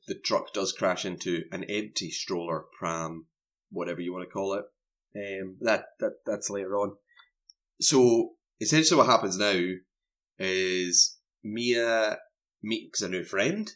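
A man's voice: fairly low pitch, a little slow, a bit bright. A man, co-hosting a casual film review chat and animatedly recapping scenes. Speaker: film podcast co-host.

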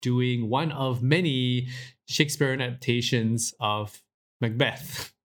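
A man's voice: mid-range voice, unhurried. A man co-hosting a film podcast in casual chat, laughing often and poking fun at himself. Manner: laughing, self-deprecating. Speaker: podcast co-host.

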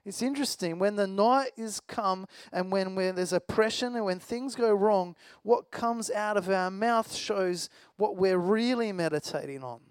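A man's voice: sits high, a little slow, few pauses, clean tone, dry recording. A man preaching a sermon in a conversational, storytelling way, with a self-deprecating personal anecdote.

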